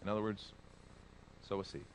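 A man's voice: lowish voice, flat delivery, fairly quick, a little hiss or hum. Earnest male pastor preaching a sermon. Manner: earnest, swells loud when reading scripture.

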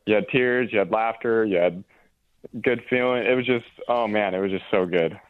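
A man's voice: on the low side, normal speed, dry recording. A man, a theater manager, calls in to a radio show and gushes about what he has seen. The line is tinny and phone-like, and his voice sounds dry and close. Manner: enthusiastic, gushing. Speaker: theater general manager guest. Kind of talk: remote radio interview.

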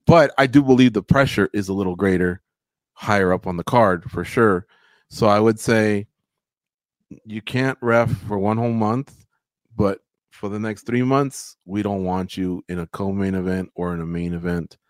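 A man's voice: fairly low pitch, normal speed, no echo. A man hosting a casual sports talk show, chatty and opinionated as he recaps fight results. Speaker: podcast host.

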